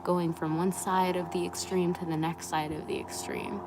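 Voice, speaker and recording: A young woman speaks softly, slipping in and out of a half-whisper as she rambles through a candid live-stream talk. Her voice sits a little low for a woman. A faint hiss of noise lies underneath. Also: flat delivery, moderate pace, vocal fry. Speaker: spiritual wellness creator.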